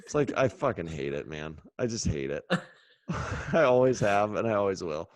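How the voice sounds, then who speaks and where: A man's voice: lowish voice, sing-song, moderate pace, dry recording. A man co-hosting a podcast, chatting casually and bluntly with a friend. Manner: blunt, laid-back, swears casually. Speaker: podcast co-host. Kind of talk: casual chat between friends.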